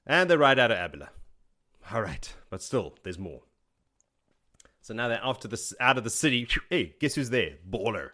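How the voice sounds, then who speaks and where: A man hosting a podcast, recapping a book in casual chat, laughing often and acting out characters' lines as quick paraphrased quotes. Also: on the low side, animated, sharp tone. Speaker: podcast host.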